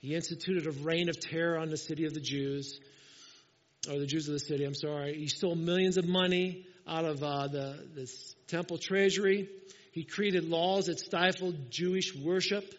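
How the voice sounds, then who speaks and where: A man preaching a sermon as pastor, telling the story in a lively way and acting out the lines he quotes. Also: fairly high pitch, moderate pace. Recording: muffled, with long hall reverb.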